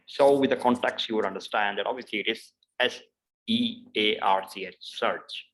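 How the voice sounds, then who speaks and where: In this poor-quality clip, a man with a fairly low, fairly bright voice gives a pronunciation lesson. He takes it slow, saying every example word over and over, and patiently walks through it with plenty of "uh" and "obviously."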